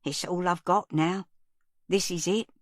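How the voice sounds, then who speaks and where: A woman's voice: on the low side, fairly even intonation, unhurried, dry recording, studio quality, lightly acted. A woman voicing a guileless, kindly older woman who chats homely and mild. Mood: gentle.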